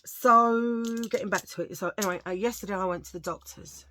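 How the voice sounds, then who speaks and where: Sitting under a lamp at home, a Cockney-accented woman talks to her channel's viewers in a medium-pitched, bright, forceful voice that runs a little fast, with no room sound. Her casual vlog chat is full of jokey stories and asides.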